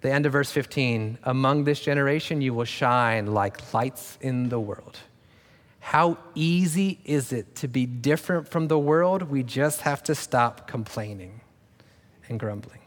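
A man's voice: medium pitch, measured pace. A pastor giving a conversational sermon, joking and sarcastic now and then, as he speaks to his congregation in a church. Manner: conversational and self-deprecating, with sarcastic asides. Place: church sanctuary. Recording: long reverb of a large room.

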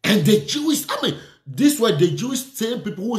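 A man's voice: high voice, sing-song, normal speed, reverberant. A man preaching a sermon, fervent and repetitive, speaking declarations and prayer over his listeners.

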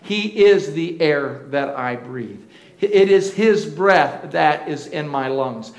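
A male pastor with a high voice delivers a sermon in a church sanctuary, the sound ringing around a roomy hall. He prods the congregation for call-and-response, sometimes drawing words out at full volume, then dropping to a near-hushed tone. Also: lively intonation. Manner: swings between slow shouted emphasis and soft, breathy asides.

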